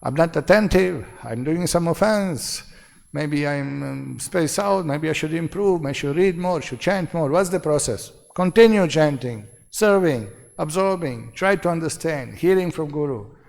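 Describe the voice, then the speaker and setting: A man's voice: on the high side, animated, a little slow, gravelly, a little mellow. Raised, gritty-voiced male speaker, short repeated phrases, rhetorical questions to the room, lecture in a reverberant hall. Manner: asks the audience rhetorical questions. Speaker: seminar speaker. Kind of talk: devotional seminar lecture.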